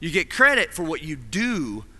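A man preaching a sermon in a chapel, animated and acting out little scenes with different voices. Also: fairly high pitch, moderate pace. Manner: animated, acts out voices in stories. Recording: long reverb of a large hall.

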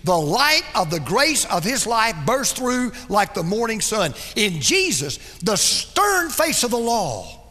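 A man preaching a sermon as pastor, with dramatic delivery that drops soft and low for emphasis. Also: very animated, takes it slowly, few pauses, in a large hall.

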